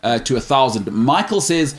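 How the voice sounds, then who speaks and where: A man's voice: mid-range voice, sing-song, normal speed. A man hosting a sports talk show, chatting casually and jokingly as he reads out viewer questions and gives firm opinions. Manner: opinionated, joking, stumbles over names.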